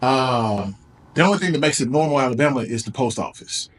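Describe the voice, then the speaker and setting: An American man on a casual podcast, telling a story in a relaxed, easygoing way. He talks at a middle pitch and leans on fillers. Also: fairly quick. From United States. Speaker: podcast co-host. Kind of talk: casual chat.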